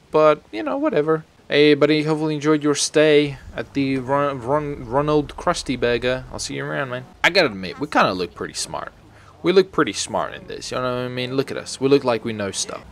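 A man's voice: a little high, gravelly. Joking, crude gaming commentator man. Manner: joking, crude, swears freely, talks to game characters. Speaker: gaming YouTuber. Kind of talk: comedic let's-play commentary.

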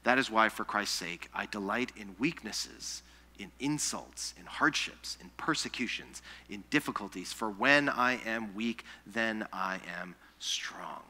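A man preaching a sermon, telling scripture stories in an animated way, acting out the people he quotes, and dropping soft and slow when he reads the verses. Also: lowish voice. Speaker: pastor. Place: church sanctuary.

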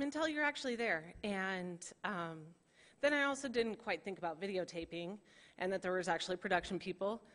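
A woman's voice: mid-range voice, fairly bright tone. A woman volunteer giving a hesitant, self-deprecating testimony to a church congregation, with many fillers. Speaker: church volunteer small group leader. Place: church sanctuary. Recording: reverberant church hall.

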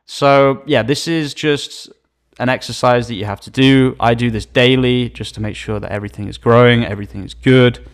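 A man hosting a screen-share tutorial on search results, talking with open excitement and trailing into quiet asides. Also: mid-range voice, moderate pace. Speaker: SEO channel host.

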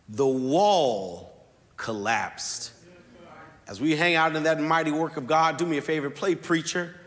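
A man preaching a sermon as pastor, telling a story slowly and leaning hard on key words. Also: fairly high pitch, sharp tone. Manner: storytelling preacher with slow, deliberate emphasis. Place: church sanctuary. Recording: long reverb of a large church hall.

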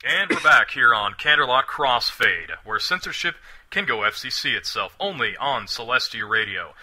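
A man's voice: mid-range voice, animated, moderate pace, bright, forceful tone. A man co-hosting a radio show, reading a comic weather report in a playful, mock-posh announcer style. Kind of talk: radio comedy bit.

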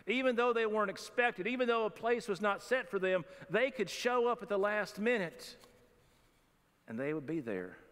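A man with a fairly high voice preaches in a relaxed, folksy way, tossing in jokes between points. His voice rings out with a long echo through a church sanctuary. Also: normal speed. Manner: folksy, conversational preaching with humorous asides. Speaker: pastor. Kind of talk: sermon. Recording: long reverb of a church hall.

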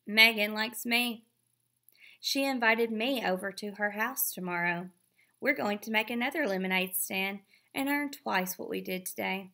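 A woman reading aloud, voicing a proud, quick-tempered young girl with a snappy, boastful manner. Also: mid-range voice, bright, forceful tone.

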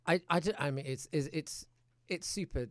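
A man's voice: fairly high pitch, normal speed, dry recording. A young British man, an actor guest in a casual chat, self-mocking and crude, often restarting his sentences. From United Kingdom.

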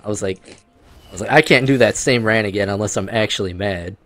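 A man's voice: fairly low pitch, fast, a bit bright, faint music behind. A man hosting casual gaming commentary, rambling, joking and swearing freely as he plays. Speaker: gaming channel host.

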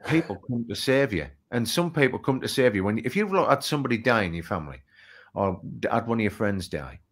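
A man's voice: lowish voice, quick pace. A man telling an anecdote in an interview, bringing it to life and acting out the dialogue. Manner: lively anecdotal, acts out dialogue. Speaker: author and speaker. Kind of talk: storytelling in an interview.

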